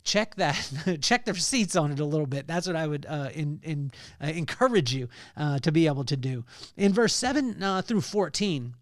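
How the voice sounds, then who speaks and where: A man's voice: a little high, animated, normal speed, no room sound, clean studio sound. A man hosting a podcast, giving a conversational devotional talk on scripture with many fillers and restarts. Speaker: podcast host.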